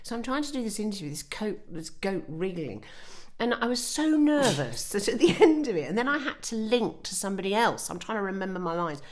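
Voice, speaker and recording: A middle-aged woman, a former newsreader and podcast co-host, telling animated anecdotes and acting out quotes. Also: medium pitch, brisk, few pauses. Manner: animated storyteller, acts out quotes. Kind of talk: casual chat, anecdotes.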